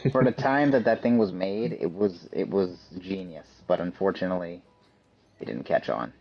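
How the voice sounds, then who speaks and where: A man hosting a casual podcast chat, relaxed, reading out news in an easy way. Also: low-pitched, normal speed, vocal fry. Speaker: podcast host. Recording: dull lo-fi podcast audio.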